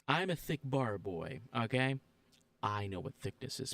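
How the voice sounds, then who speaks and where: A man's voice: medium pitch, lively intonation, unhurried, vocal fry, a bit bright, no echo, clean studio sound. A man streaming a game and ranting, heated, profane and emphatic.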